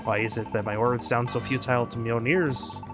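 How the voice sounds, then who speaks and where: Old male dog creature, game grandfather, mock Scottish, gruff and grave; a man puts it on, mid pitch, music bed. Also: fairly even intonation, a little fast, lightly acted. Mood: despairing. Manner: gruff, solemn, stirring speeches. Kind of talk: reading game dialogue aloud.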